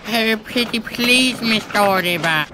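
Brief: pleading small toy wagon voiced by a man, high, with background noise. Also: unhurried. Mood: begging. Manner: wheedling, pleading. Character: whiny begging little toy wagon. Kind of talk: fan dub of toy trains.

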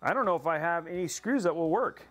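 A man's voice: on the high side, lively intonation, fast talker, fairly bright tone. A man live-streaming a PC build, talking to his chat in a playful, rambling way and teasing them.

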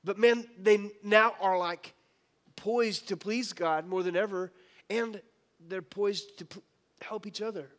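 A man's voice: high voice, fairly even intonation, unhurried, a bit bright. Impassioned preacher man in a reverberant church. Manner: impassioned, conversational preaching with repeated restarts. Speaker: pastor. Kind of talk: sermon. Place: church sanctuary.

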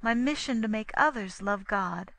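A woman voicing a gentle, devout young nun in an audiobook, speaking softly and slowly with reverence. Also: medium pitch, vocal fry, no echo, low-quality recording. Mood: serene. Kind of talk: audiobook reading.

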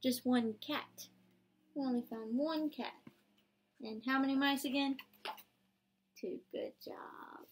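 A woman's voice: high-pitched, steady tone, takes it slowly, pauses often, slight background noise. A young woman, a student teacher, reading a picture book aloud to small children, asking them to join in, count and make animal sounds, with playful gasps of surprise. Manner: interactive and encouraging, asks children to join in.

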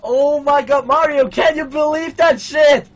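A young man livestreaming a game, shouting and swearing, overwhelmed and emotional, his voice strained from yelling. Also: extremely high pitch, steady tone, unhurried. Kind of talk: excited live game-stream commentary. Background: loud game music.

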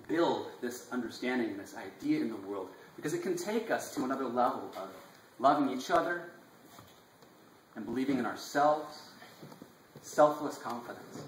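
A man giving an impassioned, inspirational live talk, emphatic with drawn-out phrasing, recorded from a distance in a live salon room. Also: medium pitch, reverberant, a little hiss or hum. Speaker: speaker presenting his class.

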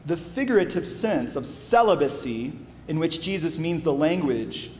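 A man teaching the Bible, reading verses aloud dramatically and dropping to quiet asides. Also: a little high, very animated, normal speed. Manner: reads scripture aloud dramatically, acting out the speakers. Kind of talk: Bible study presentation. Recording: long reverb, faint background hum.

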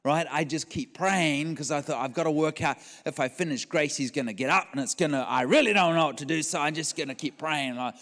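A man's voice: fairly high pitch, a little fast, few pauses, a bit bright. A man preaching a storytelling sermon at a church event, acting out the dialogue of the people in his story. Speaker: guest preacher. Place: large church hall. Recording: long hall reverb.

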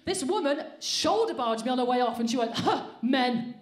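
Her voice sits high, with lively intonation and a quick pace, as this woman in her 40s delivers brash, self-mocking stand-up full of swearing at a comedy club. The recording carries roomy live-venue sound.

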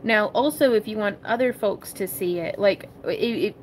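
A woman's voice: mid-range voice, moderate pace, slight background noise. Chatty woman hosting a craft livestream. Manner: chatty, giggly, talks to viewers as y'all. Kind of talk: casual crafting tutorial livestream.

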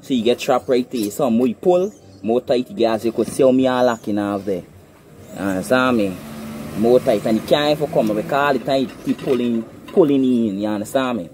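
A man's voice: mid-range voice, fairly quick, a little mellow, slight background noise. Guyanese man explaining a trap outdoors. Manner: explains step by step, often asks "you understand me?". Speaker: hunting vlogger. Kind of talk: casual outdoor demonstration. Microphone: phone camera.

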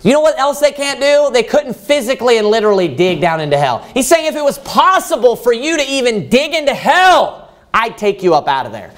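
A man's voice: very high voice, very animated, brisk. A man preaching a sermon, emphatic, asking the congregation rhetorical questions and answering them himself, quoting scripture in old-fashioned wording.

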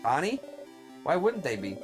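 A man voicing a gentle young woman companion who speaks softly and kindly with concern. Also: on the high side, wildly swooping pitch, normal speed, music in the background. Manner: soft, kind and concerned.

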